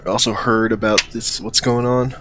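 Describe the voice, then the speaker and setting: A man's voice: lowish voice, little pitch movement, moderate pace, crowd noise. A man playing an investigator in a tabletop role-playing game, speaking hesitantly with fillers. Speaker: player. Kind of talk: in-character tabletop role-play. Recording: noisy voice chat.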